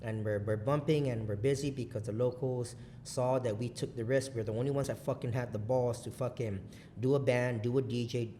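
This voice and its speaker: A man from Guam, a business owner guesting on a podcast, telling stories in casual chat, swearing a lot and talking in an animated way. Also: mid-range voice, brisk, a little hiss or hum. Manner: profane, animated storyteller.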